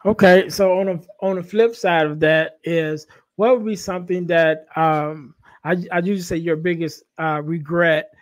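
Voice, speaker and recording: Fairly high-voiced podcast host man. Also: fairly even intonation, moderate pace, few pauses. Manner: conversational, steering the talk with fillers. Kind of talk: casual interview talk.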